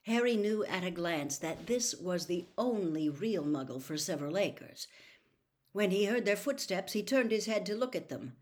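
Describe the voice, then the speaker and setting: A woman narrating a book aloud in a steady, even storytelling voice. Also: medium pitch, normal speed. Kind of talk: audiobook reading aloud.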